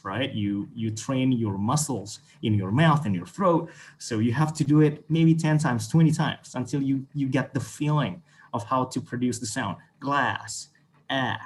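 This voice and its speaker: Man, Indonesian accent, English teacher, encouraging and repetitive, video call, faint hiss behind. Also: mid-range voice. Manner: encouraging, repeats words, frequent okay and right. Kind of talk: online class teaching.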